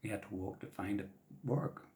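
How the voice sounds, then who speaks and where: A man telling traditional stories to children in a gentle, soft-spoken way that often drops to a whisper. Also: on the low side, moderate pace. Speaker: traditional storyteller. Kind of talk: storytelling for children.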